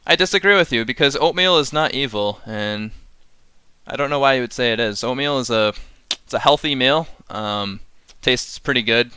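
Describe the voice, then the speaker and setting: A man's voice: mid-range voice, normal speed, bright, forceful tone, clear, resonant tone, dry recording. A man casually reviewing game cards on a live stream, rambling and chuckling as he chats with viewers.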